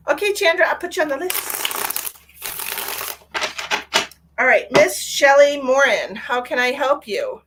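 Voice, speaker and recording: A woman's voice: high voice, animated, unhurried, pauses often, noisy background. A woman hosting a live psychic reading stream, chatting casually with viewers and calling them by pet names.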